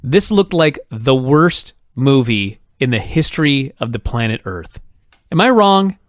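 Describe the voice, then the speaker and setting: A man's voice: medium pitch, big pitch swings, a little slow, dry recording, clean studio sound. A man co-hosting a podcast in casual chat, incredulous and exclaiming, full of rhetorical questions. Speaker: podcast co-host.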